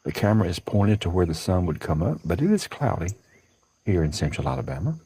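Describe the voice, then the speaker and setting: Very deep, husky Southern man. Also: sing-song, a little fast, dark tone, no echo, low-quality recording. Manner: chatty, greets viewers by name. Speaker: livestream host. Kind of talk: casual livestream chat. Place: porch outdoors at dawn.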